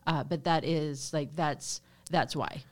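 A woman's voice: sits low, fairly even intonation, slow. A woman co-hosting a casual podcast, explaining things while thinking aloud with many restarts. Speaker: podcast co-host.

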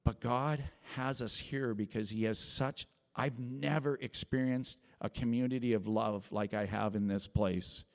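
A gravelly-voiced man in his forties shares a testimony with his church, talking in an earnest, rambling way, restarting sentences as he goes. His voice rings through the hall with a long, lingering reverb, and his pitch sits in a middle range. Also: fairly even intonation, unhurried, few pauses. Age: 40s. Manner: rambling, earnest, with many restarts and acted quotes that rise high. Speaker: lay preacher sharing testimony. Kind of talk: testimony sermon to a congregation. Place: small church.

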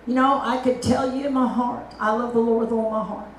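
A fairly high-voiced woman evangelist, raised in Africa, preaches with lively animation and puts on voices for God and others. She is recorded from a distance in a roomy, echoing hall, with a faint hum of ambience behind her. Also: fairly quick. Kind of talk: sermon. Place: meeting hall.

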